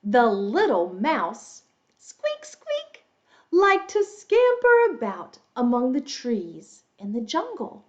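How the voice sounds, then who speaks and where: A woman's voice: a little high, wildly swooping pitch, highs cut off. A woman teaching English to young children with a playful storytelling manner and exaggerated teacher talk. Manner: slow, exaggerated, playful teacher talk with animal sound effects. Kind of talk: storytelling lesson for young learners.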